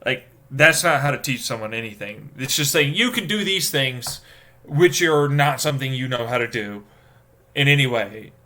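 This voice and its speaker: A man's voice: mid-range voice, normal speed, pushed and bright. A man live streaming, rambling in casual talk and venting with profanity and lots of fillers. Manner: profane, exasperated ranting with many fillers.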